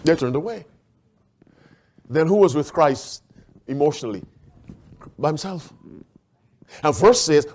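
A middle-aged man preaching a sermon in a slightly raised voice. He keeps turning to the congregation with questions and calls on them to read verses out. To land a point he slows right down and drops his voice to a hush. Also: on the high side, animated.

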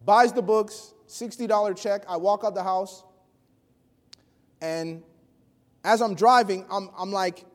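Guy preaching, high voice, tells his story all animated, quiet then loud, big echoey hall. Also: takes it slowly, pauses often. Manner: animated, swings from hushed to loud. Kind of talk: sermon storytelling. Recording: long hall reverb.

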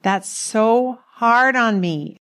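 A woman's voice: on the high side, expressive, very slow, fairly bright tone. A middle-aged woman telling a personal marriage story in a chatty way, laughing often. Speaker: co-host speaking about marriage. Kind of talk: casual storytelling talk.

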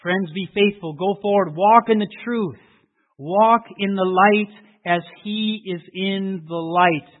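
A man preaching a sermon, telling a story and then making emotional appeals that swell and drop to hushed prayer. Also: high voice, slow pace. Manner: emotional, rising to fervent appeals and dropping to hushed tones. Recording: tinny phone-like audio.

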